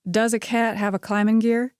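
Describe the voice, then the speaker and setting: A woman's voice: a little high, flat delivery, moderate pace, darkish tone, clear, resonant tone, no echo, clean studio sound, pitched above the performer's own voice, lightly acted. A woman reading the part of a playful, charming young man who jokes drolly and teases lightly. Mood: teasing.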